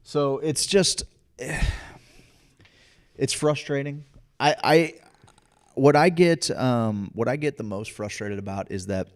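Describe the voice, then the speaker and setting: A man's voice: mid-range voice, slow pace, long pauses. A man co-hosting a casual podcast, ranting passionately and emphatically, restarting his sentences as he pushes his points. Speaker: podcast co-host.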